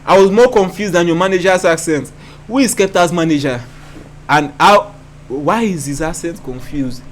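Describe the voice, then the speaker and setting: A man's voice: a little high, normal speed, a little hiss or hum. A man hosting a reaction video, breaking down rap lyrics in a thoughtful way and often repeating himself as he thinks aloud.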